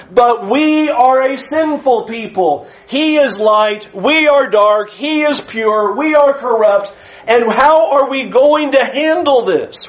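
A man's voice: very high-pitched, low-quality recording. A man preaching a Bible lesson in an earnest, emphatic way, acting out the voices he quotes. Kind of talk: sermon lesson.

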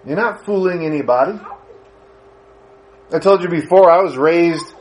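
Male preacher, lively storyteller, slightly high voice. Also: normal speed, a little hiss or hum. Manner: animated storytelling, pitch rising with emphasis. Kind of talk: sermon.

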